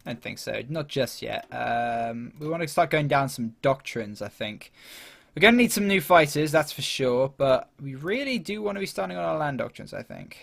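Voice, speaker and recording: His voice sits on the high side, with lively intonation, vocal fry and a normal pace. This gaming YouTuber chats casually through a strategy game, thinking aloud with many fillers and laughing at his own remarks.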